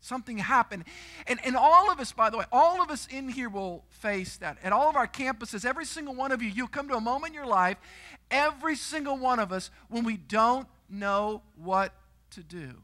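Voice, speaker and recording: A middle-aged man preaching a sermon in a church, telling stories with animated energy and sudden shouts. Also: very high-pitched, moderate pace. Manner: storytelling, animated, shouts and screams for effect. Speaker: guest preacher. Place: church auditorium.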